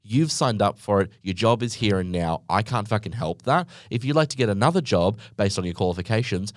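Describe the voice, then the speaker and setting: Here a young man hosting a podcast talks fairly quickly and with animation, his pitch fairly low. The clean studio sound has no echo, and his casual story wanders sarcastically, stuffed with asides and constant "like."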